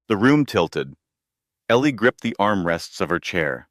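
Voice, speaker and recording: A man narrating a scripted drama story in a steady, dramatic storytelling manner. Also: low voice, normal speed, dry recording, clean studio sound.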